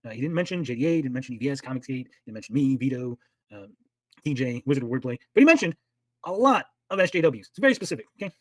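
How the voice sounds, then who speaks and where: A man's voice: medium pitch, big pitch swings, fast talker, dry recording. A man hosting a livestream, arguing heatedly and swearing as he reacts to clips. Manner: heated, argumentative, swears a lot. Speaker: livestream commentary host. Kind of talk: casual profane stream commentary.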